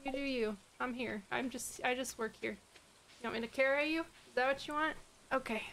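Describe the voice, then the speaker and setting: A woman with a high-pitched voice narrates her live gameplay stream. She chats with viewers in a loose, exasperated way and swears often. Faint noise sits under her voice. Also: fairly even intonation, fairly quick. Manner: talks softly to her dog between game moments.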